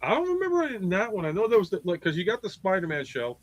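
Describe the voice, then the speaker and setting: A man's voice: high voice, huge pitch swings, racing, no echo, rough recording. A man in his forties chatting bluntly and sentimentally on a live stream, swearing casually.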